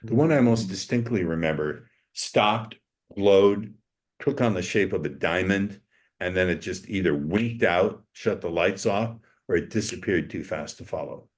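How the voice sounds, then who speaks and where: An older man with a very deep voice tells his story in casual talk. He is blunt and emphatic and swears often, as a guest speaking freely in an interview. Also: a little slow.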